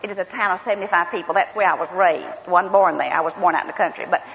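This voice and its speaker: A woman's voice: fairly low pitch, quick pace, gravelly, a bit bright. A woman from South Georgia with a Southern accent, giving a folksy, humorous inspirational talk to a women's gathering. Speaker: women's retreat speaker. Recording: muffled hall with long reverb.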